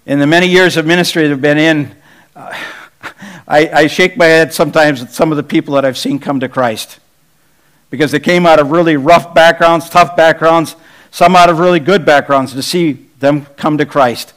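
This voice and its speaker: Male pastor, middle-aged, high voice, conversational sermon full of rhetorical questions. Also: normal speed, fairly bright tone, rough recording.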